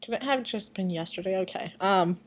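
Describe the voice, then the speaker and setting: A woman's voice: mid-range voice, a little fast. A woman reading fan fiction aloud at her computer with rambling, self-deprecating asides and some mumbling, on a webcam mic. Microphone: computer webcam microphone.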